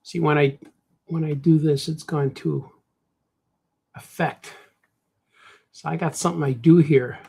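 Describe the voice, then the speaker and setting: A man's voice: fairly high pitch, steady tone, measured pace, gravelly, long pauses, warm tone, husky. A man with a Chicago accent, chatting casually and rambling to himself while he draws on a livestream, tossing in "man" a lot. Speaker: cartoonist streaming while drawing.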